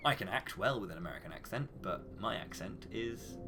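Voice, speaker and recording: British male streamer, low-pitched, passionate and sweary, game music faintly underneath. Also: animated, fairly quick. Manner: passionate, ranting, swears freely. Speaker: speedrunner and streamer. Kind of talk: casual live-stream commentary.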